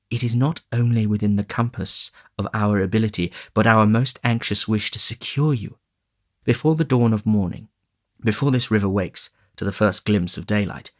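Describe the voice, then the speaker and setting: A man voicing a kindly, earnest old gentleman in an audiobook, measured and solemn. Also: fairly low pitch, lightly acted.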